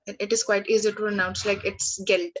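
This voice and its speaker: A woman language tutor giving a lesson, slowly working through word lists with frequent fillers and restarts. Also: mid-range voice, little pitch movement, fairly bright tone, poor audio.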